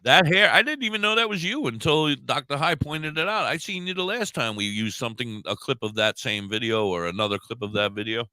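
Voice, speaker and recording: A man's voice: medium pitch, animated, fairly quick, few pauses, pushed and bright, no echo. A man co-hosting a radio talk show in casual banter, rambling and blunt. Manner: rambling, blunt, cheers and swears. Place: radio studio.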